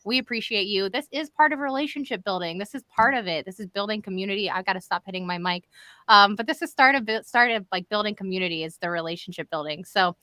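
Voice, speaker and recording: Bright-voiced chatty woman host. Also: medium pitch, quick pace, no room sound. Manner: chatty, addresses viewers as y'all. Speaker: host of a live show. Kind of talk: upbeat live stream hosting. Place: home in Florida.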